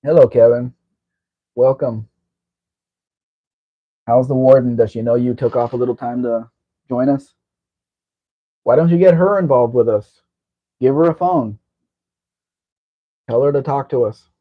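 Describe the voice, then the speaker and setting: A man at an average pitch, hosting a relaxed live stream and rambling along with wry little asides. The audio is dull and lo-fi, like a home stream. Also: unhurried, long pauses. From Southern California. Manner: rambling, chatty car talk with wry asides. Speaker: show host. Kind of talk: casual live-stream chat.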